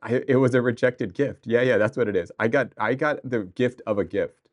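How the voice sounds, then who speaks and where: A man livestreaming, chatting casually and excitably with viewers, rambling with restarts and answering chat. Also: mid-range voice, brisk, highs cut off.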